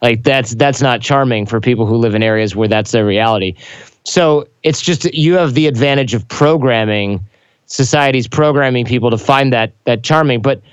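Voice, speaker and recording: Man, blunt, joking, quick talker, smooth resonant voice, dry close recording. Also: mid-range voice, dry recording. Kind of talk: casual chat.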